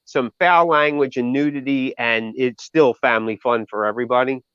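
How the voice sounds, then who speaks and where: A man's voice: medium pitch, fairly even intonation, brisk, fairly bright tone, clean tone, no room sound, muffled recording. A man, a guest musician, telling casual stories from touring in a rambling way with many fillers and restarts. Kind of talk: casual storytelling.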